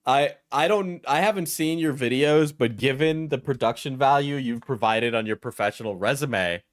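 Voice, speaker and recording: A man's voice: mid-range voice, normal speed, no room sound, clean studio sound. A young man from New England giving casual reaction commentary as a streamer, blunt and rambling, swearing often.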